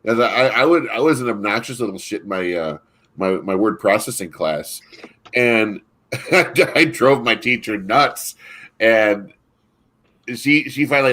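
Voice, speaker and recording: A man's voice: on the low side, measured pace, a bit bright. A man co-hosting a casual chat, telling stories in a rambling way, with frequent restarts and laughs. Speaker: podcast co-host.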